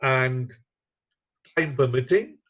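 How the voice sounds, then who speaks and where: A man giving an online lecture on teaching reading, measured and unhurried, with frequent fillers. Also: medium pitch, animated, a bit bright, slightly rough. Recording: muffled lo-fi webinar audio.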